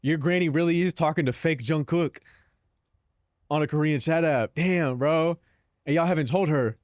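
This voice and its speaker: Streamer dude chatting w his viewers, slangy, kinda high voice, dry no room sound. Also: normal speed, a little mellow, dry recording. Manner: slangy, calls chat "bro", laughs between lines. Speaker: live streamer. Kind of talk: casual livestream chat.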